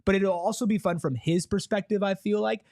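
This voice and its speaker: A man's voice: high-pitched, fairly even intonation, a little fast, a little mellow, no room sound, studio quality. A man on a casual sports talk panel, upbeat and emphatic.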